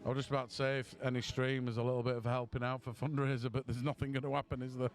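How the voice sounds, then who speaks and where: A man's voice: medium pitch, level tone, racing. A man, tipsy, giving rambling, self-mocking commentary on a pool match stream.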